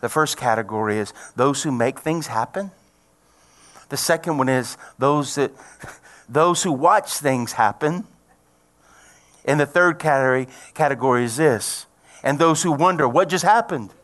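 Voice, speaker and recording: A man's voice: mid-range voice, unhurried, pauses often. Folksy storytelling man preaching. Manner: folksy storytelling, rising to loud excited preaching. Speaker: pastor. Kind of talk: sermon.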